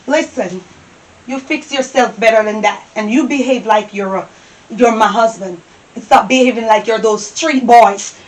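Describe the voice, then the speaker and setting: An actress with a Jamaican accent playing a bossy, scornful wife who scolds and shouts at her household. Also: on the high side, moderate pace, natural voice, low-quality recording. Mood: scolding. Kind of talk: comedy skit acting. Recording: loud background noise.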